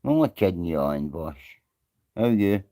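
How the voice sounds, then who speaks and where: A man's voice: low voice, big pitch swings, normal speed, mellow. A Scottish man on a live stream, rambling and greeting viewers by name in casual chat.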